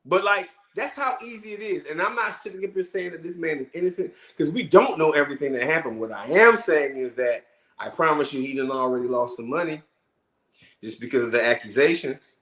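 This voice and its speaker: A man co-hosting a casual podcast chat, arguing in an animated way and asking rhetorical questions. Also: a little high, a little fast. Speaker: podcast co-host. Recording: roomy echo.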